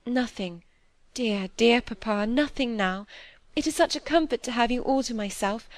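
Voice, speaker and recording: Young woman, earnest, soft, heartfelt, woman narrator putting her on, fairly high voice, dry sound. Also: moderate pace, no echo, close to an everyday voice. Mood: tender. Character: earnest tearful young woman, a doctor's daughter. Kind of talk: audiobook character reading.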